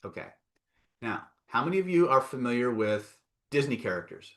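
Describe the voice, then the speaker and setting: Here a man at medium pitch, with wide pitch swings and normal speed, teaches a live self-help session online. His style is coaxing and emphatic; he keeps tossing in "right?" and "okay?" and reads chat responses out loud.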